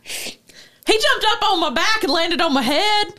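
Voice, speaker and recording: A woman's voice: very high-pitched, expressive, unhurried, pitched above the performer's own voice, heavily acted. Woman putting on a rural victim. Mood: indignant. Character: rural woman recounting an animal attack. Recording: loud background noise.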